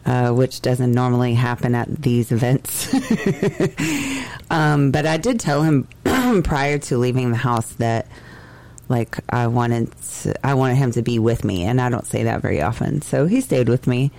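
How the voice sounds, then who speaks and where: A woman's voice: rumbling low, animated, measured pace, vocal fry, a little mellow. A woman co-hosting a podcast in casual chat, often laughing and cutting in to correct her husband. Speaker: podcast co-host.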